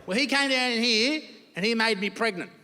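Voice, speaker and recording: A man with an Australian accent voicing a panicking young woman who mutters in a hushed, fretful way. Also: very high-pitched, moderate pace, big-room sound, pitched above the performer's own voice, full character voice. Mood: earnest.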